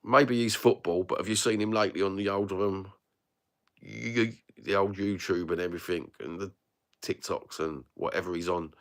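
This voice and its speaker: A middle-aged man with a London accent, talking in a very low voice. He rants casually to his viewers, blunt, slangy and full of swearing, the way someone talks on a phone livestream. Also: steady tone, normal speed, fairly bright tone. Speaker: livestream host reading chat. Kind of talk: casual live-chat rant.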